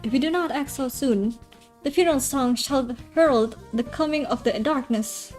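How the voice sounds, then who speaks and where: A woman's voice: high-pitched, normal speed, a little mellow, soft background music, natural voice. A woman voicing a theatrical young man who speaks in grand, flowery phrases. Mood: grandiose. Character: theatrical dramatic young male bird.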